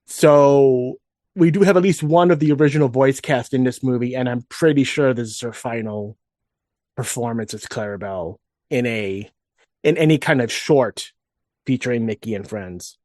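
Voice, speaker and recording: A man's voice: mid-range voice, moderate pace, darkish tone, no room sound, studio quality. A man co-hosting a casual fan podcast, rambling with frequent restarts and asides. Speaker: podcast co-host.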